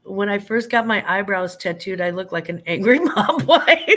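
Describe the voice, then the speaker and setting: A woman's voice: medium pitch, fairly bright tone, a little hiss or hum. An older woman, a grandmother, hosting a casual live chat. She greets her viewers, laughs easily and stumbles over names. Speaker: livestream host.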